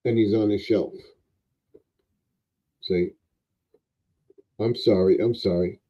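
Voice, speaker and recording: A man hosting a casual livestream, chatting in an unhurried way and talking to a toy. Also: fairly low pitch, fairly even intonation. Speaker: livestream host. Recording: dull lo-fi livestream audio.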